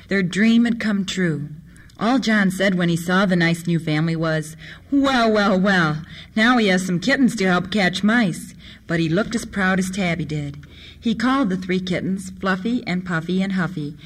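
A storyteller reads children's tales aloud, steady and expressive, with a voice that sits in the middle range. The reading moves along evenly from one tale to the next. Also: mid-range voice.

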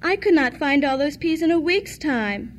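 A woman playing a gentle, pleading young servant girl. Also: high-pitched, lively intonation, moderate pace, a little hiss or hum. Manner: pleading and soft.

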